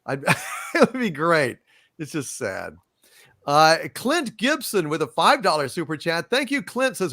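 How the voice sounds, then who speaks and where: A man's voice: a little high, big pitch swings, measured pace, sharp tone, dry recording, clean studio sound. A man hosting a live-stream panel show, ranting angrily and swearing constantly. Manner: profane, angry ranting.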